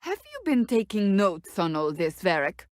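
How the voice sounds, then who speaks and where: A woman's voice: mid-range voice, big pitch swings, normal speed, no echo, studio quality, close to an everyday voice. An actress playing a stern, blunt female warrior in curt, formal video game companion dialogue. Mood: questioning.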